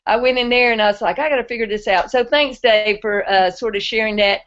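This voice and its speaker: A woman's voice: fairly high pitch, steady tone, brisk, fairly bright tone. A woman hosting a web hangout, talking in a chatty, friendly way. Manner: friendly, chatty, Southern-style speech. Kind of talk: casual chat. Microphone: video call. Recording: muffled web call audio.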